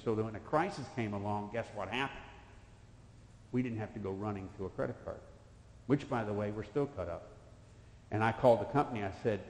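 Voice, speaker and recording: Male preacher in his fifties, low voice, folksy storytelling, emphatic bursts, long reverb in a church. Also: a little mellow. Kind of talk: sermon. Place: church sanctuary. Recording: echoey church hall.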